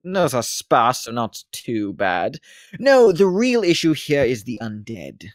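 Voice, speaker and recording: In a mid-range voice with huge pitch swings, a man slowly voices a non-player character in a tabletop game: a rambling former slave turned wealthy slave-owner. He speaks formally in a put-on British accent, and the recording has no echo.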